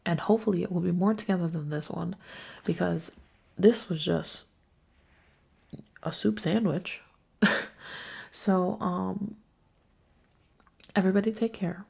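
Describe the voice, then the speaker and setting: Tired sick young woman podcasting solo, gravelly husky voice, swears a lot, just venting. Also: fairly low pitch, fairly even intonation, unhurried, long pauses, dark tone. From New York. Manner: weary, frank and profane. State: sick, congested. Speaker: podcast host.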